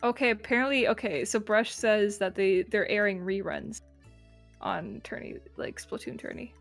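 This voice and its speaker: A woman's voice: mid-range voice, normal speed, vocal fry, faint music behind. A woman casting a live game tournament in a chatty, teasing manner. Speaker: esports commentator.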